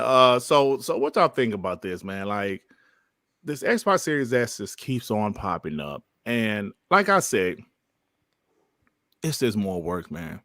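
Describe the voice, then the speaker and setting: A man hosts a relaxed gaming podcast and reads viewer messages aloud. He talks in a laid-back, slangy way, laughs often, and sounds dry and close to the mic. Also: mid-range voice, dry recording. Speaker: podcast host. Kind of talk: casual chat, reading super chats.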